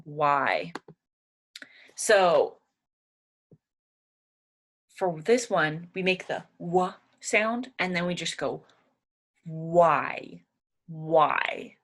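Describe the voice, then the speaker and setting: A woman's voice: fairly low pitch, lively intonation, extremely slow, long pauses, fairly bright tone. A young woman teaching English pronunciation, patiently repeating each word aloud several times. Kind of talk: pronunciation lesson.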